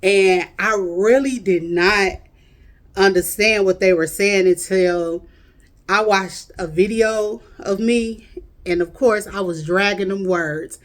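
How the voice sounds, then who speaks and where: A woman with a Chicago accent chatting casually with her viewers, drawling her words in a friendly, talkative way. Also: mid-range voice. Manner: drawling, chatty, addresses viewers as y'all and honey. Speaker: vlogger.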